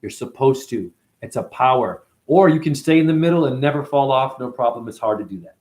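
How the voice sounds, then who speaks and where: Male livestream host, middle-pitched voice, casual and slangy, reads comments and riffs off them. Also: fairly quick, darkish tone. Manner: rambling, slangy, loose and conversational.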